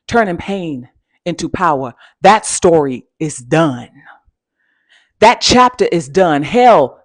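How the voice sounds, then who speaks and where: With a fairly low, sing-song voice, a spiritual coach and channel host takes her time delivering a forceful, repetitive pep talk full of pet names and preacherly rhythm. There's no room sound.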